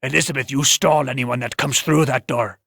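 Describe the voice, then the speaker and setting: A man voicing a gruff, bossy tavern owner in an audiobook. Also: medium pitch, steady tone, brisk, fairly bright tone, no room sound, studio quality. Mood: commanding.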